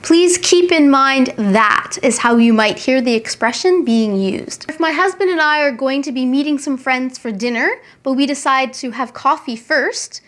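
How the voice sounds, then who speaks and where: A young adult woman, an English teacher, giving a scripted lesson and saying each example phrase slowly and clearly. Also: sits high, lively intonation, a bit bright.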